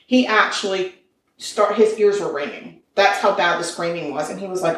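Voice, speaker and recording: A woman co-hosting a podcast in a casual chat, telling a ghost story in an animated way with asides and self-corrections. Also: lowish voice, normal speed, a little hiss or hum. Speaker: podcast co-host. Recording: roomy sound from a distant mic.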